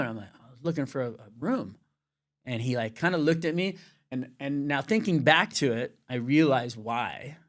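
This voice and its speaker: A man's voice: medium pitch, brisk. Middle-aged man from California, candid storyteller, curses casually, voices the other people in his story as he goes. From Venice, California. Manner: swears freely, acts out quoted dialogue with lively shifts. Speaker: surf commentator, interview guest.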